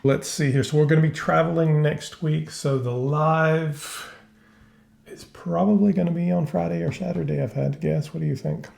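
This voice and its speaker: A man's voice: fairly high pitch, fairly even intonation, moderate pace, gravelly, a little mellow, roomy sound. A man co-hosting a casual chat show, laid-back and teasing as he makes announcements. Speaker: co-host.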